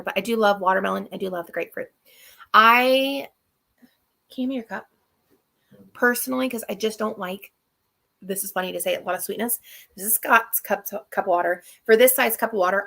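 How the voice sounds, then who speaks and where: A woman's voice: mid-range voice, gravelly, a bit bright. A woman hosting a live Q&A stream and chatting casually. She gives practical tips and repeats her key points for emphasis. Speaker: channel host. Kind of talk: live Q&A chat.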